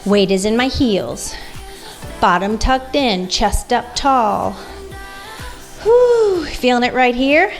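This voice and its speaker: A woman's voice: a little high, takes it slowly, faint music behind. A woman leading a guided workout class as fitness instructor, coaching moves and counting reps aloud.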